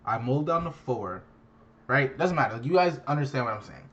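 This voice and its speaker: A man's voice: medium pitch, animated, fairly quick, fairly bright tone, lo-fi sound. A young man casually recapping a card game tournament, swearing constantly and sounding exasperated and self-mocking. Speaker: card game content creator.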